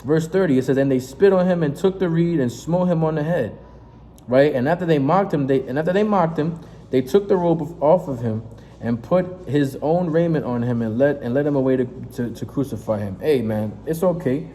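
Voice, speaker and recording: A man preaching in a fiery, confrontational sermon, reading scripture aloud and breaking off into profane, emphatic asides with a steady "right?". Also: on the high side, a little fast. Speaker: street preacher. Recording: reverberant space with faint noise.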